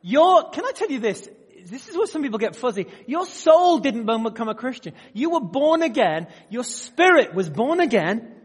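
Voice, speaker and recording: A man preaching a sermon to a live audience, swinging between loud emphatic bursts and quiet asides and often putting questions to the room. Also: extremely high pitch, sing-song, moderate pace, husky. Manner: asks the audience direct questions. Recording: long hall reverb.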